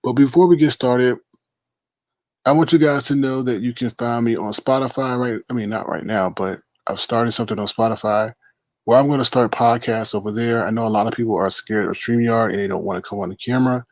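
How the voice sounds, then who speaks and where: A man's voice: medium pitch, steady tone, brisk, no echo. A man hosting a casual late-night live stream, greeting viewers by name in a playful, teasing way.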